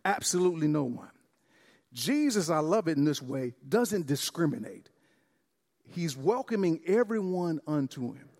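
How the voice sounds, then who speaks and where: The pastor's voice is a little high and darkish, swinging widely in pitch at a moderate pace, in a big-room sound. He preaches exuberantly at a church service, calling out to the congregation.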